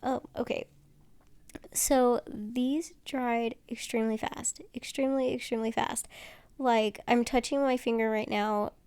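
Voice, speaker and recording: Slow, creaky-voiced woman vlogger. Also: a little high, dark tone, no echo. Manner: rambling, chatty, many fillers and restarts. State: tired. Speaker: nail tutorial vlogger. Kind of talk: casual tutorial chat while doing nails.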